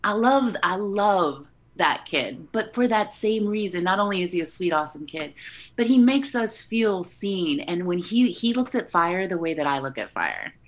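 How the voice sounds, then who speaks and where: A woman guest on a podcast, chatting casually and telling lively stories, often laughing and acting out what people said. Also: fairly low pitch, normal speed. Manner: animated storyteller, laughs often, acts out quotes. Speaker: podcast guest, haunt performer. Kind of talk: casual interview chat.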